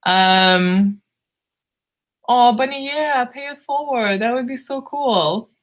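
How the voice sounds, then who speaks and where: A woman from Lithuania with a hoarse, worn-out voice, hosting a book club live stream and chatting through viewer comments in a drowsy, giggly, rambling way. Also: on the high side, takes it slowly. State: hoarse, losing her voice.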